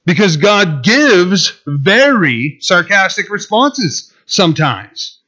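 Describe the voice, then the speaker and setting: A man's voice: sits high, sing-song, slow, bright, forceful tone. A man preaching a sermon in a conversational way, with sarcastic asides to the congregation. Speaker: pastor. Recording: muffled lo-fi recording.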